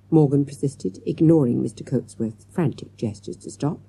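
A woman narrating a children's mystery audiobook in a lively, expressive storytelling manner. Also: extremely low pitch, moderate pace, vocal fry, slightly rough, dry recording. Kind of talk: scripted narration.

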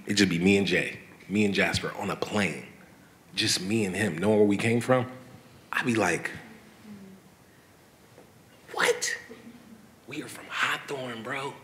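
A man in his thirties talking excitedly on stage at a live event, telling animated stories full of slang and laughter. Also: lowish voice. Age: 30s. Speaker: guest artist. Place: event venue before a live audience.

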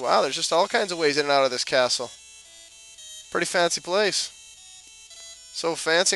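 A man's voice: medium pitch, sharp tone, low-quality recording. A man doing casual gameplay commentary, cracking jokes, swearing and talking back to the game characters. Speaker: let's play commentator.

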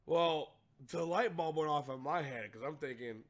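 A young man hosting a show, telling a profane comic story, laughing hard and acting out quotes in a low voice. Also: moderate pace, hardly any pauses.

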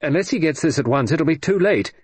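A man's voice: on the high side, animated, brisk, darkish tone, husky, no room sound, pitched above the performer's own voice. A man voicing a frantic young male aide who stammers urgently, in an audiobook reading. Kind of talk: audiobook character voice.

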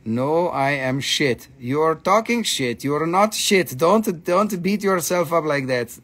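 A man's voice: fairly high pitch, lively intonation, unhurried, hardly any pauses, a bit bright. A man hosting a live sale, joking around, chanting and laughing a lot. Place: indoor shop.

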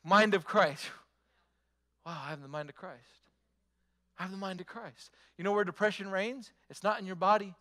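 Preaching at a moderate pace with long pauses, a man uses his high, bright voice to hammer his points through repetition and rhetorical questions. His sermon has the emphatic delivery of a pastor.

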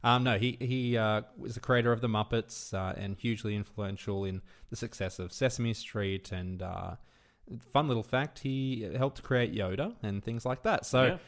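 A young Australian man co-hosting a podcast, chatting warmly and laughing along as the straight man. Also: on the low side, moderate pace. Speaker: podcast co-host. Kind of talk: casual chat.

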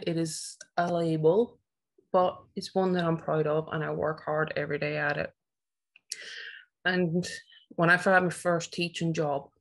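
Woman, Northern Irish accent, low voice, passionate, emphatic, teacher giving a talk. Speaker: teacher and conference speaker. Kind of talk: personal presentation talk.

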